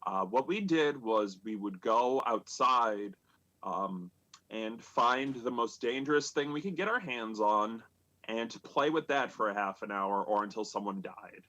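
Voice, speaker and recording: A man in his thirties telling a comedic personal story at a live storytelling show, rambling and halting with many fillers and restarts. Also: fairly low pitch, animated, sharp tone, dull audio. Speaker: stand-up comic telling stories.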